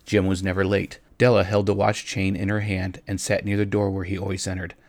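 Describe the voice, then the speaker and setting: A man narrating a story aloud in a gentle way, at times speaking directly to his listeners. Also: low-pitched, monotone, fairly quick, no room sound. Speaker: reader.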